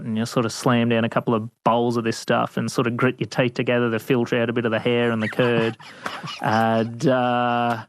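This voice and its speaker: A man recounting his adventures in a loose, chatty style, laughing often as he talks. His voice sits at an ordinary pitch, and the recording is dry and close. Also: a little fast, dry recording. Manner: laughing, animated, casual with fillers. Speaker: guest, veterinarian. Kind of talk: storytelling interview. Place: studio.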